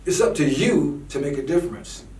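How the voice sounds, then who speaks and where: A man's voice: a little high, expressive, a little fast, mellow, far from the mic. A man ranting fervently in a preachy style, often repeating words when worked up. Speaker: commentator. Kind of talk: impassioned political rant. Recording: echoey room, voice from off-mic.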